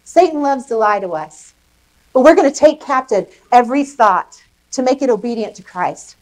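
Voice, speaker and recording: A woman pastor preaching a sermon, lively and emphatic, putting questions to the congregation. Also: a little high, moderate pace, rough recording. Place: church service in a rec center.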